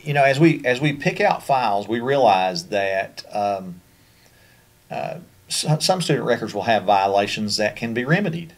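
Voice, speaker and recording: A man's voice: lowish voice, expressive, moderate pace. A man with a Kentucky accent presenting a special education training over slides, in a conversational way with frequent fillers and restarts.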